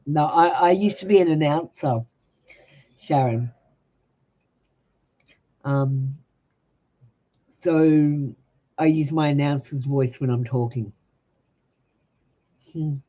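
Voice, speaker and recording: A woman's voice: low voice, slow pace, long pauses, mellow, poor audio. An Australian woman reading tarot live and chatting casually with viewers, blunt and talkative, now and then swearing. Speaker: tarot reader.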